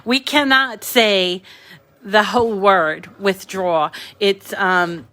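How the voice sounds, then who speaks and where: Pushed and bright, her medium-pitched voice moves at a slow pace with fairly even intonation. The New England-accented woman hosts a live craft tutorial for her crafting channel, reading viewer comments aloud and chatting with them.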